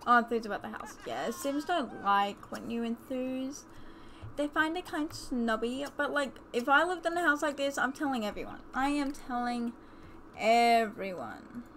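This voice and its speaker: Bright, high-voiced woman gamer. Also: normal speed, a little hiss or hum. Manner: chatty, excitable, gasping and exclaiming. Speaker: let's play host. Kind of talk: casual gameplay commentary.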